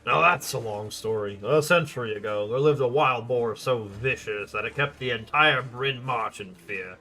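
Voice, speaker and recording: A man's voice: mid-range voice, moderate pace, bright, forceful tone. A man voicing a chatty village tavern keeper in an attempted Southern drawl, reading game dialogue aloud. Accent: attempted American Southern drawl. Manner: folksy, chatty, hospitable. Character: jovial village tavern keeper, proud storyteller.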